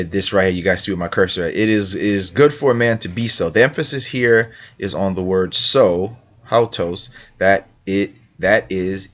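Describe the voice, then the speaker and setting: A man with a fairly low voice gives casual commentary on religious texts. He keeps repeating his main point and throws in questions like "right?". He reads passages aloud between his remarks. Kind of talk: casual screen-share commentary.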